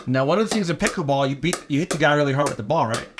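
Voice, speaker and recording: A man's voice: fairly high pitch, expressive, rapid-fire. A man co-hosting a podcast in casual chat, joking and teasing his friend. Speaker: podcast co-host. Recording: noisy background.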